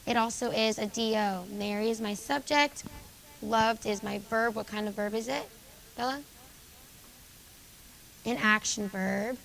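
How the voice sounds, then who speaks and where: Brisk woman teaching a class, gravelly. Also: on the high side, fairly bright tone, slight background noise, rough recording. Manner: brisk, calls on students by name and confirms answers. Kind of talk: classroom grammar lesson. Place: school classroom.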